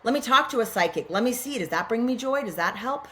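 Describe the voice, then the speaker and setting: A woman's voice: fairly high pitch, expressive, fast, bright, forceful tone, slight background noise. Earnest musing woman on a podcast. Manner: earnest, musing, asks herself questions aloud. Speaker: podcast guest. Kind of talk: reflective spiritual conversation.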